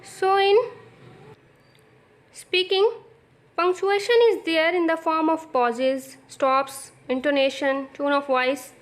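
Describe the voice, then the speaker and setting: A woman with a Pakistani English accent, teaching a recorded English lesson, explaining slowly and repeating phrases for emphasis. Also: high voice, little pitch movement.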